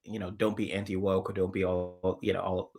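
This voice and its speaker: A man co-hosting a casual political chat, rambling with many restarts and trailing off quietly. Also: low voice, flat delivery, fairly quick, vocal fry, breathy edge. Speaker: co-host.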